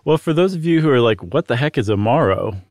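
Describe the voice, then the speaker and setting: A man's voice: medium pitch, lively intonation, fast talker, a little mellow, dry recording, clean studio sound. A man co-hosting a podcast, explaining at length in a friendly, casual way with fillers. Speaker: podcast co-host.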